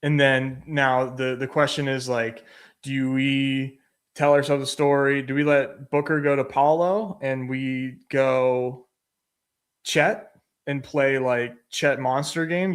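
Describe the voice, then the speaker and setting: A man's voice: medium pitch, steady tone, unhurried. A man from western Pennsylvania co-hosting a podcast, chatting casually and telling a loose, laid-back story. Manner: laid-back, swears, tells stories. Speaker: podcast co-host.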